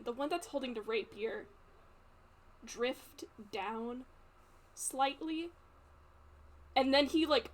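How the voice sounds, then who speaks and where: Slow, halting woman narrating a game. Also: sits high. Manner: halting and hesitant, stopping often to find words. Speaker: player. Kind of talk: narrating her character in a tabletop game.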